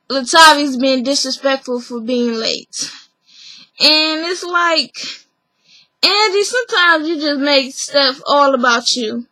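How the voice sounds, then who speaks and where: A woman's voice: high-pitched, bright, forceful tone, dry recording, poor audio. A woman recapping a reality show episode in a chatty, opinionated vlog, acting out the people she quotes. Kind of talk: casual recap review.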